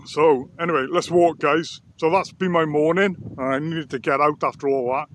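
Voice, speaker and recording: Vlogger on a country walk: chatty, a bit breathy, higher-pitched guy, light outdoor hiss. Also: steady tone, moderate pace, a bit bright. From Wales. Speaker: vlogger and sound therapist. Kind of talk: casual walk-and-talk vlog. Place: outdoors on open coastal nature reserve.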